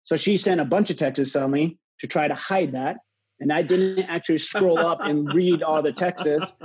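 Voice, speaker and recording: Crowd noise and lo-fi sound surround a fairly high-pitched college water polo coach in his thirties as he tells a personal story to a live audience. His telling is halting, with many fillers and restarts, and he grows animated over time.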